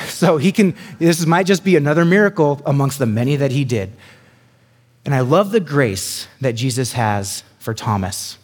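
A man preaching a sermon as a pastor, animated and conversational, acting out quoted lines with sudden high bursts. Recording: long hall reverb.

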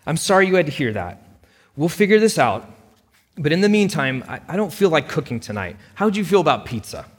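A man's voice: on the high side, sing-song, a little fast, breathy edge, big-room sound, voice pushed up. A man voicing a determined mother who confronts an insurance company with pointed, indignant questions. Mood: reassuring. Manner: indignant, pressing, sharp questions.

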